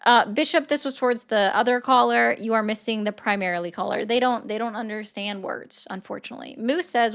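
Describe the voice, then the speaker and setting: Chatty woman streamer with a smooth voice. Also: fairly high pitch, brisk, hardly any pauses, a bit bright. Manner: chatty, rambling, reads viewer comments aloud. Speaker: livestream host. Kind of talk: casual livestream chat.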